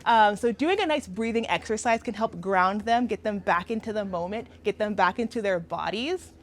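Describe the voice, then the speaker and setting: A woman's voice: mid-range voice, moderate pace. A woman leading a workshop outdoors as a community educator, upbeat and playful, often laughing as she guides a group. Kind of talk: friendly workshop instruction.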